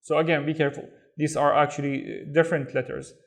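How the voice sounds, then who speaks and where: A man with a Saudi accent teaching a reading lesson, sounding out syllables and repeating each word slowly. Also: on the high side, flat delivery. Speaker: Arabic teacher. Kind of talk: slow, careful reading lesson.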